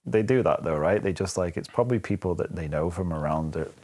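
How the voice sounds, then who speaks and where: A man's voice: sits low, quick pace. A man from the United Kingdom co-hosting a casual film podcast, joking and laughing often. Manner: laughs often, animated, jokey asides. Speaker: podcast co-host.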